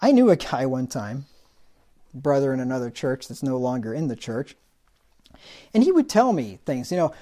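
A man's voice: mid-range voice, big pitch swings, moderate pace, dark tone. A man preaching a sermon, asking rhetorical questions and acting out the words of the people he describes.

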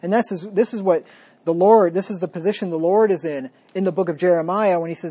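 A man delivers a sermon in a slightly high voice. He reads the verses loudly and with force, then drops to quiet, folksy asides. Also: quick pace, husky. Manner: folksy, self-deprecating asides. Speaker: preacher. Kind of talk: sermon with scripture reading.

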